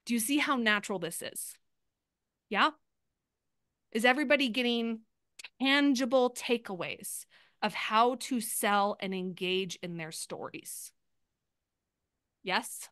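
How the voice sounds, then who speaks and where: A woman leads a group coaching session over a video call, upbeat and chatty. Her voice sits a little high, and the sound is dry with no room echo. She keeps acting out example posts in bright bursts. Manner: upbeat, rapid, acts out sample posts. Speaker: sales coach.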